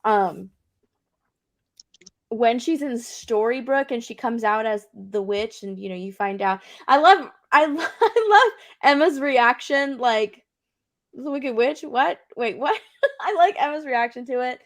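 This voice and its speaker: A woman's voice: a little high, animated, measured pace. A woman co-hosting a casual chat, enthusiastic and giggly, often stumbling and restarting her words. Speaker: podcast co-host.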